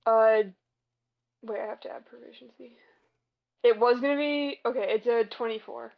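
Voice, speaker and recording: Woman player, slightly high voice, hesitant, dull lo-fi mic sound. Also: steady tone, moderate pace, gravelly. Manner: hesitant, with many ums and okays. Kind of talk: tabletop game play.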